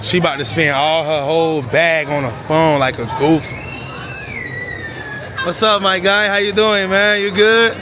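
A fairly high-voiced man hosts a family vlog, loud, joking and full of slang as he herds kids along. He is recorded inside a busy mall with crowd chatter and noise all around. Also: steady tone, measured pace. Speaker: vlogger and dad. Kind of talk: casual vlog chat. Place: indoors, busy shopping mall. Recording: noisy crowded mall audio.

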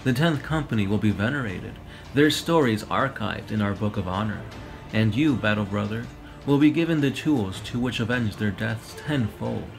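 A stern, commanding warrior-priest in heavy armor who speaks with formal solemnity, read by a man. His voice is low and gravelly over faint music. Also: animated, moderate pace. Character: stern armored space knight chaplain, commanding elder.

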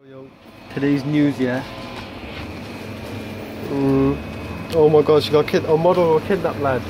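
A man's voice: a little high, fairly even intonation, a little slow. A young man, vlogging in slangy, hyped chat and repeating himself, out and about and then in a pool hall, filmed on a handheld phone. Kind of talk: casual vlog chat. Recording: loud street and vehicle noise.

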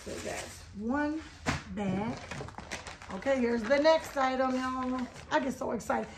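Hoarse woman, higher-pitched voice, chatty haul vlogger, faint background noise. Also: slow. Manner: chatty, keeps addressing viewers as y'all. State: hoarse, losing her voice. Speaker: haul vlog host. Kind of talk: casual product haul chat.

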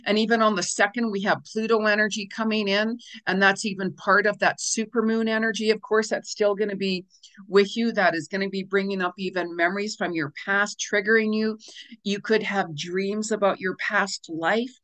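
A woman's voice: mid-range voice, moderate pace. Chatty woman giving a weekly forecast. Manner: chatty, animated, laughs often, acts out little quoted reactions. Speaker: spiritual astrology host. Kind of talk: casual weekly forecast talk.

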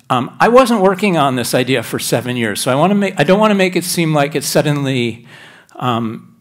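A middle-aged man giving a technical talk on stage at a conference, chatty and self-deprecating, often restarting his sentences. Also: mid-range voice. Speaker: conference speaker. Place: large conference hall.

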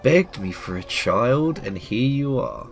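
A man voicing a sinister male demon who bargains for souls, reading game dialogue in a silky, mocking, slow and hushed voice. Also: medium pitch, animated, faint music behind, voice pushed up, rough recording. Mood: sly.

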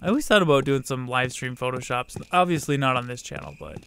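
A young man streaming a game, chatting casually with viewers, swearing freely and shouting at the game. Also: mid-range voice, quick pace, gravelly, very noisy. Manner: profane, chatty, outbursts at the game, greets viewers. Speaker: let's play streamer. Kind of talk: casual live-stream gaming commentary.

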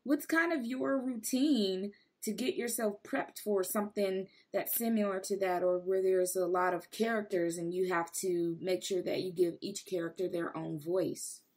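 Woman, podcast host, chatty, rambling questions, mid-range pitch. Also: fairly even intonation, moderate pace, hardly any pauses, darkish tone, breathy edge. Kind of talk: conversational interview.

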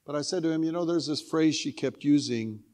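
An older man, a guest preacher, telling a personal story in a sermon with earnest feeling, dropping to a hushed tone at moving points. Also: on the high side, brisk.

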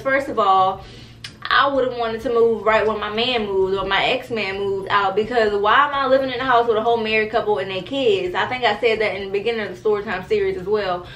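A young woman, telling a story to her viewers in an animated, profane, casual way. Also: medium pitch, brisk, echoey room, low-quality recording. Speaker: storytime vlogger.

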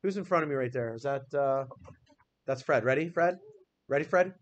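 A man's voice: mid-range voice, normal speed, lo-fi sound. A male teacher leading a classroom phonics lesson, patiently spelling words out letter by letter and quizzing students by name.

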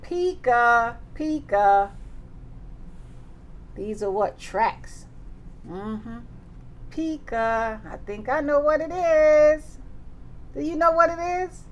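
A woman's voice: high-pitched, animated, very slow, pauses often, a little hiss or hum. A woman teaching circle time to young children, singing nursery songs and reading a picture book with playful animal sounds. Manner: playful, sing-song, animal sounds and big exclamations.

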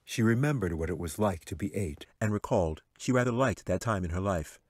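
Deep-voiced man narrating a story. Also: husky, no room sound, studio quality. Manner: measured, expressive storytelling. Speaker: author reading his novel. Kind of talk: audiobook narration.

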